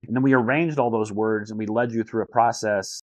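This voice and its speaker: A man's voice: fairly low pitch, steady tone, fairly quick, no room sound, rough recording. A man talking as a life coach on a video call, earnest, often repeating words as he searches for the phrasing. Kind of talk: casual coaching talk over a call.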